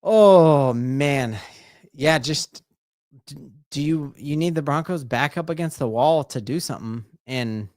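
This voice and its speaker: Excitable man calling a live game. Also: on the high side, unhurried, dry recording, studio quality. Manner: excitable, bursts into shouted exclamations; rambling, restarts sentences often. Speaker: sports fan stream host. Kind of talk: live play-by-play watch-along.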